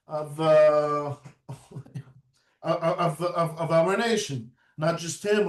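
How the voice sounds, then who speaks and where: A man lecturing at a slow, deliberate pace, his voice sitting notably high for a man. He keeps checking in with the listener with a questioning "right?" and fills gaps with "uh". He is picked up from some distance in an echoey room. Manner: unhurried, often adds a questioning "right?" and "uh". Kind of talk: recorded lecture.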